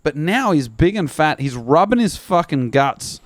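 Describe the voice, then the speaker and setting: A man's voice: on the high side, sing-song, a little slow, dry recording. A man ranting through a comic story on a podcast, swearing and slipping into put-on voices. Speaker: podcast co-host. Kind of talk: casual comedic storytelling.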